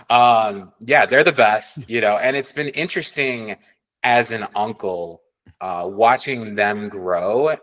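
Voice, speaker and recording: A man's voice: lowish voice, fairly bright tone, rough recording. Candid man from the Chicago area. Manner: earnest, candid storyteller who acts out voices. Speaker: podcast co-host. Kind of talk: casual chat.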